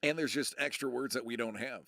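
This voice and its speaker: A man's voice: medium pitch, a little fast, a bit bright, dry recording, studio quality. A middle-aged American man chatting casually on a live stream, rambling and joking about himself, full of fillers and restarts. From United States. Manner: rambling, self-deprecating, many fillers and restarts.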